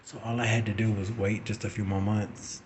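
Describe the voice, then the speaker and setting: A man in his forties telling a personal story in a casual, animated way, swearing and acting out what people said. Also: fairly low pitch, brisk, slight background noise. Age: 40s. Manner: animated, profane, acting out quotes. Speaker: vlogger.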